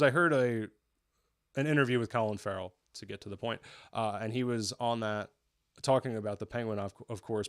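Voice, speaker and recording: This is a young New York–area guy reviewing a show, talking in a casual, excited, rambling way and frequently starting his sentences over. His voice is mid-range, and the sound is clean studio audio with no echo.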